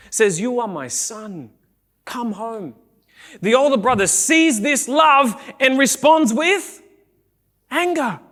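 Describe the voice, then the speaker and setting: A male pastor preaching a sermon in a church, animated, acting out the people he quotes and rising to shouts. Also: high voice. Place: church sanctuary.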